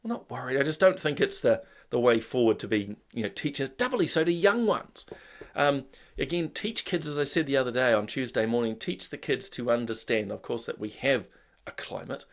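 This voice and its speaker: A man's voice: mid-range voice, lively intonation, moderate pace. A man with a New Zealand accent hosting a live show, greeting viewers by name and giving opinions in a loose, conversational way with lots of "uh" and "look". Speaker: host. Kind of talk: casual live-stream commentary.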